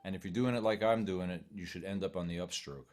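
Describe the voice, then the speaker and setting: A man teaching a fiddle workshop online, calmly walking students through bowing patterns step by step. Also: low voice, fast. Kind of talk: online music workshop instruction. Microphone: home computer mic on a video call. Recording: loud fiddle music throughout.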